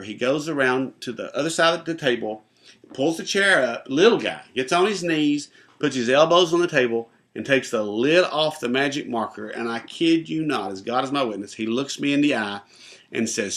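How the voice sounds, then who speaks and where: Bright-voiced pastor telling a lively story. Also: male voice, medium pitch, moderate pace. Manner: animated, acts out the voices in his story. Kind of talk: storytelling personal testimony.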